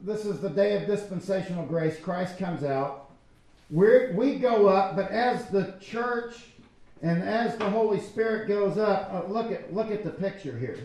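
A man's voice: sits high, unhurried, a little mellow. A man preaching a sermon as pastor, talking conversationally and acting out quotes from people. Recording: echoey church hall.

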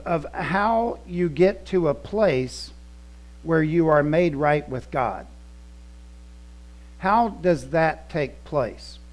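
A man's voice: a little high, a little mellow. A male pastor delivering a conversational teaching sermon, repeating words for emphasis.

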